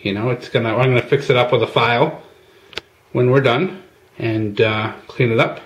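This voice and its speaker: A man's voice: mid-range voice, fairly even intonation, normal speed, highs cut off. Casual chatty man in an echoey space. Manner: chatty, addresses viewers as guys, many fillers. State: out of breath at times. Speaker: channel host. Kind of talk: casual how-to demonstration. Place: outdoors at a workbench. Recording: echoey with faint ambient noise.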